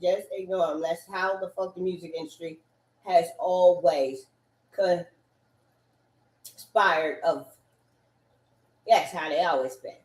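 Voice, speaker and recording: A woman ranting in a loud, profane, repetitive way, swinging between loud bursts and low mutters. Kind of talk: animated rant. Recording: echoey room.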